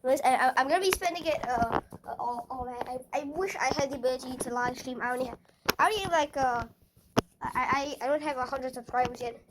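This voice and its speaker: Over a noisy background, a woman with a high-pitched voice talks fast while hosting a gaming channel. Her gameplay commentary is casual and chatty, but she stammers, repeats words as she goes, and sounds self-conscious.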